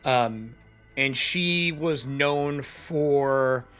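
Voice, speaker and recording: A man's voice: mid-range voice, extremely slow, a bit bright, clean tone, faint music behind. A man narrating as game master of a tabletop game, talking casually and swearing freely.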